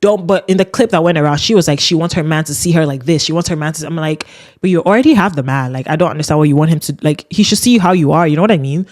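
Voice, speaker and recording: A man's voice: fairly high pitch, rapid-fire. A man hosting a casual solo podcast, ranting emphatically and filling his talk with "like" and "you know what I mean.". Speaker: podcast host.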